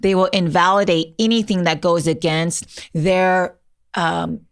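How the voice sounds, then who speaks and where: A woman with a lower-pitched voice speaks as a leadership consultant on a podcast. She explains things thoughtfully and often pauses on ums to find her words. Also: steady tone. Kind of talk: casual conversation.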